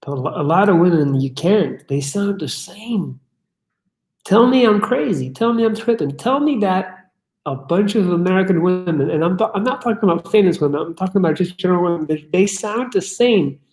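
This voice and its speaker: This man hosts a casual livestream, answering chat questions bluntly, swearing, and riffing on what he reads aloud. He sounds high-pitched and expressive with a darkish tone, speaking at normal speed in an echoey room.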